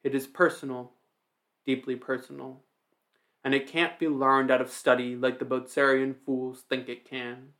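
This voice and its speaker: A man's voice: mid-range voice, flat delivery, moderate pace, fairly bright tone, natural voice. A man reading as a commanding ancient ogre woman. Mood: assertive. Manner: strong, assertive tone.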